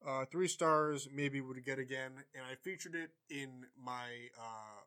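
A man's voice: medium pitch, unhurried, bright, forceful tone, clear, resonant tone. A man hosting a casual sports podcast, talking loosely with plenty of fillers as he runs the beer reviews. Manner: rambling, easygoing, filler-heavy. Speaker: podcast host.

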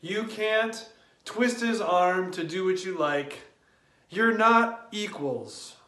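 A man giving a spoken daily devotion, talking in a slow, deliberate and reflective way. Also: high voice, animated, fairly bright tone, roomy sound. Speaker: devotional speaker.

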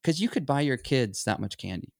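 A man's voice: mid-range voice, big pitch swings, fairly quick, gravelly, a little mellow, no echo, studio quality. A middle-aged man talking casually and reflectively as a photography teacher, rambling a little and acting out the voices he quotes. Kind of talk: casual conversation.

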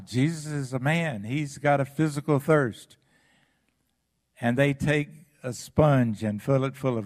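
A male pastor delivering a sermon at an unhurried, deliberate pace. He preaches dramatically, swinging from loud passages down to hushed ones. His voice sits at an ordinary middle pitch for a man. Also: gravelly.

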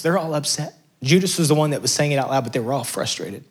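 A man's voice: mid-range voice, fast, husky. A middle-aged man preaching a sermon as pastor, passionate and building to emphatic peaks.

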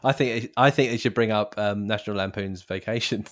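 A man's voice: lowish voice, steady tone, a little fast, a bit bright. A man co-hosting a casual podcast, making dry jokes and laughing easily. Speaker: podcast co-host. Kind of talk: casual chat.

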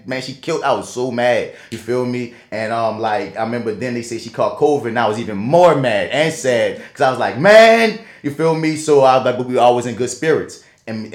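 Slangy New man, roomy sound. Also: mid-range voice. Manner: animated, slangy storytelling full of "you feel me". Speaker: podcast host and stage actor. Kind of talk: casual podcast chat. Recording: roomy echo.

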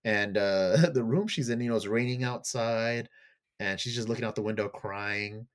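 This man's voice is fairly low and his pace moderate. Co-hosting a laid-back podcast, he excitedly recounts the plot of a TV show in a meandering way, peppered with fillers and offhand curses.

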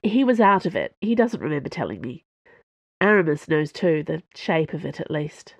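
A woman voicing a wry, knowing woman crewmate who speaks in a relaxed, sighing way. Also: low-pitched, moderate pace, no room sound, dull audio, full character voice. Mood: serious. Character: warm, wry woman crewmate, protective friend.

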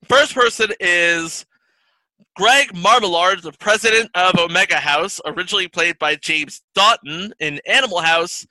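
A man's voice: sits high, normal speed, pushed and bright, dry recording, rough recording. A man co-hosting a casual podcast, reading cast notes and teasing his partner. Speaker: podcast co-host. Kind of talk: casual chat about old TV.

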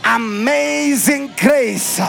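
High-pitched, gravelly South African preacher. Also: male voice, drawn-out words, faint music behind. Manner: sing-song chanted preaching that rises into shouts. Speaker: pastor. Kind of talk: sermon.

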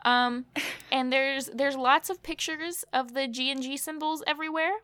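High-voiced chatty woman, dry sound. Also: steady tone, moderate pace, sharp tone, no echo. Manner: chatty, wry asides, many fillers. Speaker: podcast co-host. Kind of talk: casual TV recap chat.

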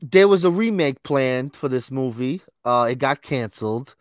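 A man's voice: medium pitch, expressive, normal speed, no echo, clean studio sound. A man co-hosting a podcast in casual chat, enthusiastic and calling his co-host "bro".

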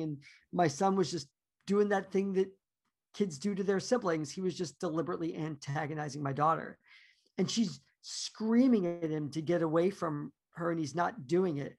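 A man's voice: high voice, darkish tone. A man in his forties, a podcast guest talking candidly and reflectively about himself, often trailing off.

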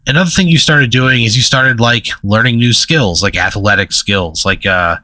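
Bright-voiced man spinning a rambling tale. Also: medium pitch, normal speed, no echo. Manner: rambling storyteller, laughs mid-sentence, many fillers. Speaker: podcast co-host. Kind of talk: casual comedic chat.

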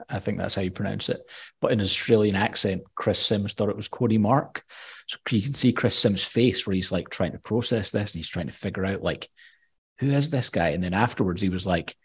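A man's voice: on the low side, fairly quick, vocal fry, breathy edge. A man with a Scottish accent chatting on a sports podcast, telling stories in a casual way. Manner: chatty, tells anecdotes. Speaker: podcast co-host.

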